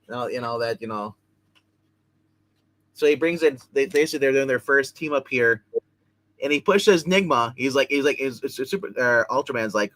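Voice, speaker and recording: A man's voice: medium pitch, normal speed, fairly bright tone. Rambling man recapping comics. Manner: rambling recaps with many fillers and restarts. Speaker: comic book reviewer. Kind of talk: casual live review chat.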